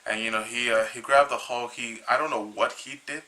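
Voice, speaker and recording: A man casually retelling a comic book's story, rambling and halting with many restarts, a little tired. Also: medium pitch, fairly even intonation, pushed and bright, rough recording. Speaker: comic book reviewer.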